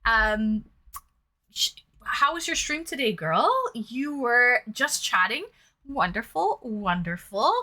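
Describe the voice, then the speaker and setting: Chatty streamer lady, mild toronto accent, bright kinda higher voice, talks right to her viewers. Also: animated, slow. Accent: mild Toronto Canadian. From Canada. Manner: chatty, addresses viewers directly. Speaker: livestream host. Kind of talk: casual chat.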